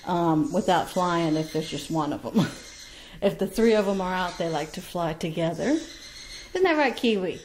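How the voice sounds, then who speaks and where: Slow-talking woman cooing to baby birds. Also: fairly low pitch, a little hiss or hum. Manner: cooing, sing-song baby-talk with frequent soft laughs. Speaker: parrot breeder. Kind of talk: casual chat to camera and baby-talk to birds. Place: home.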